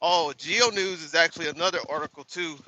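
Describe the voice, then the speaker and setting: A man's voice: a little high, fairly quick, sharp tone, a little hiss or hum, rough recording. A man driving a truck and live streaming, ranting and swearing in a casual, exasperated way from inside his cab. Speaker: truck driver livestreamer. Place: truck cab on a bumpy road. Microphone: phone.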